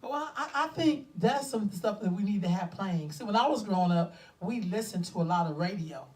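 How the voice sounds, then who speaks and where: A woman co-hosting a casual talk show, chatty and animated, talking to listeners as y'all. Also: medium pitch, normal speed, far from the mic. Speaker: podcast co-host. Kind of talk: casual chat.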